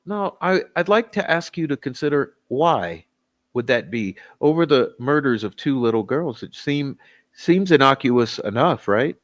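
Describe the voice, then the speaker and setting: A man hosting a true-crime stream, talking in a sarcastic, excitable, rambling way with many fillers. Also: medium pitch, a little slow, dry recording. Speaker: true-crime channel host. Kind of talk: live-stream commentary.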